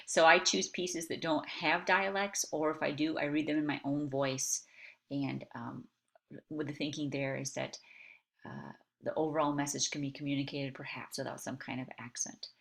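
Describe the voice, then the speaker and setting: A woman's voice: low-pitched, a bit bright. A woman instructor giving a recorded video lecture in a conversational way, often checking in with "okay?".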